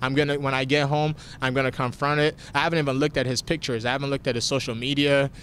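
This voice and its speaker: Right after winning a fight, a young man whose family is from Nigeria answers interview questions candidly and emotionally, sometimes getting choked up. His mid-pitched, fairly bright voice is fast and flat in delivery, with a faint rumble beneath the recording.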